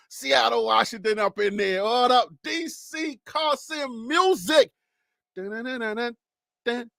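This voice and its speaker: A man with a Liberian accent and a strikingly high voice hosts a live sports talk show. He talks fast and with hyped energy, shouting out viewers one after another. The sound is dry and close, with no room around it. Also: gravelly, no echo. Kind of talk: casual live-stream chat with shout-outs.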